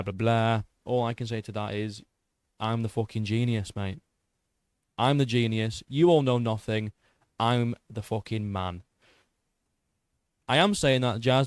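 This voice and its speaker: A young man recapping a fight in an excitable, boastful way, swearing and tripping over his words. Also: medium pitch, smooth, no room sound, clean studio sound. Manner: boastful, excitable, swears a lot, stumbles and repeats. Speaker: MMA YouTuber.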